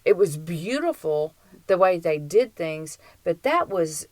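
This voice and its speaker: A woman's voice: on the low side, big pitch swings, measured pace, dry recording, poor audio. A woman co-hosting a podcast in casual chat, blunt and dry-witted with her opinions. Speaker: podcast co-host.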